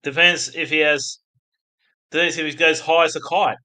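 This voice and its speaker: Australian male streamer, bright tone, rambling chatty delivery to chat. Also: on the high side, fairly even intonation, normal speed. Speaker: livestream host. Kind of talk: casual livestream chat.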